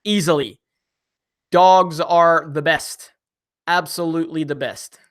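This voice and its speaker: A young man hosting a casual live stream, reading viewer comments and joking with chat in an animated way. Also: a little high, slow pace.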